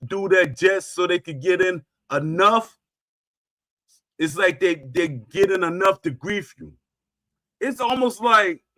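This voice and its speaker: Emphatic high-voiced man ranting slowly. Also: sharp tone. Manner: emphatic, repetitive, punctuates claims with "Facts". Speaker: streamer host. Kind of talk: ranting monologue to viewers.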